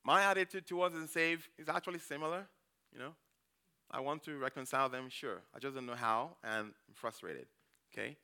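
Bright-voiced man preaching a conversational sermon. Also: medium pitch, brisk, clean tone. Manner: storytelling, frequent "okay?" checks with the congregation; acts out his own quoted reactions. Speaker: church elder preaching.

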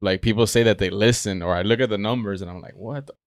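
A man hosting a podcast, talking in a relaxed, slangy, rambling way. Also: lowish voice, fast, dry recording. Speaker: podcast host. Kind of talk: casual podcast chat.

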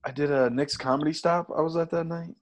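A man's voice: fairly high pitch, steady tone, a little fast. A man who does stand-up, joking, stammering and laughing in casual podcast banter. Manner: stammers, laughs through lines. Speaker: stand-up comic, podcast co-host.

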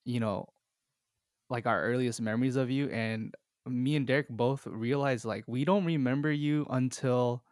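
A man's voice: medium pitch, moderate pace, darkish tone, dry recording. A young man hosts a podcast over a call and tells a story in loose, casual chat. He laughs often as he talks, in a mid-range voice. The sound is close and dry, with no room around it. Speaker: podcast host. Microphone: call recording.

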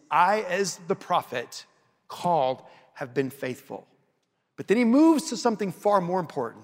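A man preaching an expository sermon, slowing down and dropping his voice for emphasis. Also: sits high, big-room sound. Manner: varies pace and loudness for emphasis.

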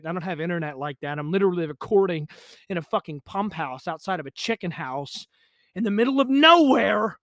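A man's voice: fairly high pitch, a bit bright, no echo, studio quality. A young man hosting a solo podcast, ranting angrily and swearing constantly, recorded in a pump house out in the countryside. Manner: profane, agitated ranting. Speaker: podcast host.

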